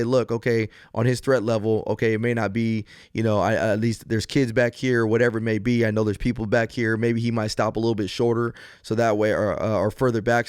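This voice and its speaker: Smooth-voiced man giving earnest advice. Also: medium pitch, a little mellow, no room sound, clean studio sound. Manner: earnest, explanatory, many restarts and fillers. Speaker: podcast host and police officer. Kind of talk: solo podcast advice talk.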